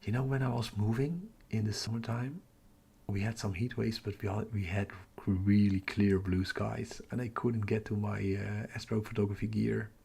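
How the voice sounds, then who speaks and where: A man's voice: on the low side, steady tone, moderate pace, creaky, warm tone, breathy edge. A man with a Dutch accent, hosting a casual livestream, chatting with viewers and muttering to himself as he works. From Netherlands. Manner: chatty, muttering to himself while tracking captures. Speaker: astrophotography livestream host. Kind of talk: casual live-stream chat reading comments.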